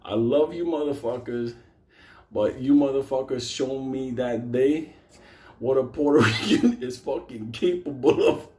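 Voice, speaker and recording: Speaking a little slowly in a mid-range voice, a man spins a wild tale about himself in an easygoing, meandering way. Curses pepper nearly every line, and he laughs often, keeping the energy animated.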